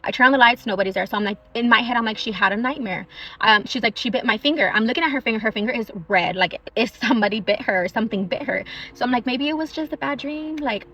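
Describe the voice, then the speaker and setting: A woman's voice: mid-range voice, sharp tone. A young woman casually telling a true haunting story, chatty and full of fillers. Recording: dull lo-fi audio.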